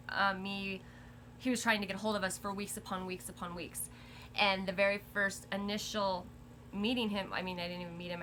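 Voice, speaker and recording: A woman's voice: mid-range voice, pushed and bright, slight background noise. A woman telling her family's story in a casual conversation, indignant and rattling off dates and events.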